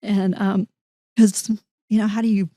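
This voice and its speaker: A middle-aged woman, a guest telling a personal story in an interview, animated and voicing the people in her story. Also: medium pitch, measured pace, dry recording, studio quality. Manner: animated, acts out quoted dialogue, frequent restarts. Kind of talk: conversational storytelling.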